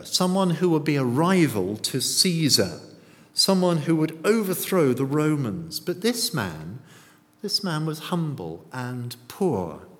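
A man preaching a sermon in a church, often putting rhetorical and tag questions to the congregation. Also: a little high. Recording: long church reverb.

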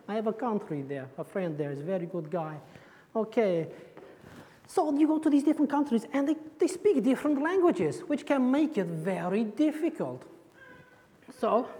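Brief: woman preacher, playful children's talk, bright-pitched, heard in a reverberant church. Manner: playful, joking, quizzing the audience. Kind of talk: interactive children's sermon. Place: church hall. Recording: echoey church hall.

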